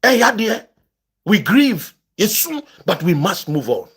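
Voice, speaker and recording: A man's voice: high voice, very animated, measured pace, a bit bright, husky. A Ghanaian man ranting about politics to his online audience, impassioned and emphatic, switching between English and Twi. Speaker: political commentator. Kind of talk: animated political rant to camera.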